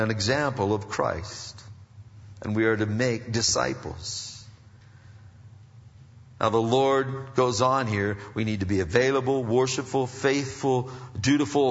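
Guy preaching a sermon, mid pitch, kinda muffled, big hall echo. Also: measured pace. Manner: swings from soft and low to loud, high emphatic preaching. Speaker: pastor. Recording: muffled recording in a reverberant hall.

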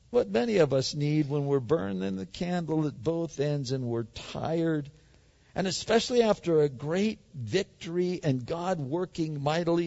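A man preaching a sermon in an animated way, swinging from loud, emphatic lines to hushed ones. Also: sits high, gravelly. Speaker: pastor. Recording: dull sound in a large hall.

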